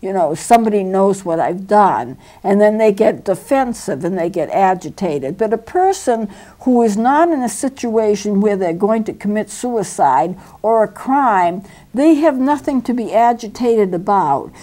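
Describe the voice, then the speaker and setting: A woman counselor hosting a talk show, calmly explaining and acting out short example exchanges. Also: mid-range voice, a little slow, hardly any pauses. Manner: calm, explanatory, acts out example dialogue. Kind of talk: talk show advice monologue.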